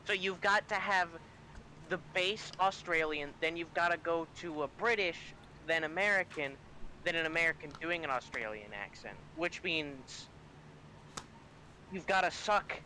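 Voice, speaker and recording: A man playing a tabletop game, working out distances and excitedly explaining an accent joke. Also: on the high side, unhurried, a little hiss or hum. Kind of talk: casual game chat over voice call.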